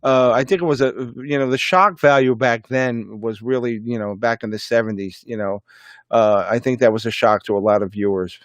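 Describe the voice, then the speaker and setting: A man hosting a radio interview, asking casual questions in a halting way and repeating words as he starts his sentences. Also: medium pitch, fairly even intonation, no echo. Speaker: radio host.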